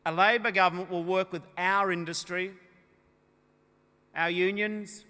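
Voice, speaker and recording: A man's voice: high-pitched, fairly even intonation, measured pace. Australian man's ringing conference-hall speech. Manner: emphatic oratory that swells to loud, punchy declarations. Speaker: political party leader. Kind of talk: rousing political conference speech. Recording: echoey hall with long reverb.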